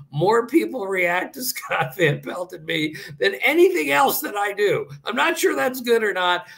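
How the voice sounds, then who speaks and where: A man's voice: on the high side, creaky. A man in his sixties from Maryland, a baseball writer telling stories in a casual interview and acting out what people said. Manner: animated, tells anecdotes and puts on voices for quoted people.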